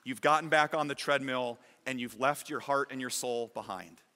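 A man pastor preaching a sermon with animated storytelling in a church. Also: mid-range voice, moderate pace, in a large hall. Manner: animated storytelling, shifting from lively to hushed.

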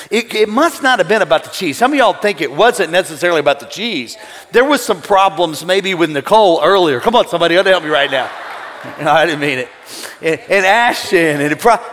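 A man preaching a sermon to a live congregation, telling a story in an animated, joking way. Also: high voice. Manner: storytelling, animated, jokey with the crowd. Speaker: pastor. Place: church auditorium. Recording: large hall with long reverb.

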